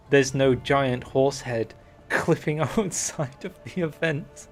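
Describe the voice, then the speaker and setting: A man's voice: mid-range voice, slow pace, soft background music. A young man streaming and talking over a strategy game, chatty and wry, reading in-game text aloud. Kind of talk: game livestream commentary.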